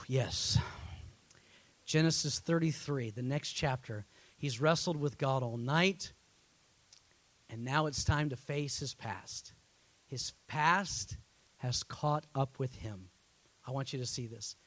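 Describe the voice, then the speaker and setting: A man preaching a sermon as pastor, telling a story that swells into loud, impassioned peaks. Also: mid-range voice, slow pace.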